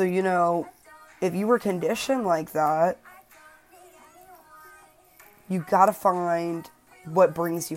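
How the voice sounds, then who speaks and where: A woman's voice: on the low side, a little mellow. A woman in her twenties hosting a personal self-help podcast, talking earnestly and emphatically and swearing freely. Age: 20s. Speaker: podcast host.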